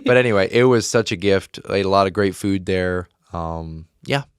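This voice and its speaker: A young man chatting on a podcast, his voice sitting low and smooth. He tells stories with enthusiasm and a joking streak, recorded close and dry with no room sound. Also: moderate pace, no room sound. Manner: enthusiastic storyteller, jokey. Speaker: podcast co-host. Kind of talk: casual chat.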